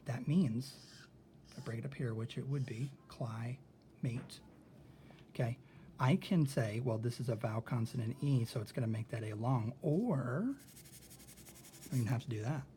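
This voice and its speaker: Man, teacher, mellow voice, thinks out loud, faint noise behind. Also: medium pitch, normal speed. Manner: thinks out loud, checks in with okay. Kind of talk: recorded lesson.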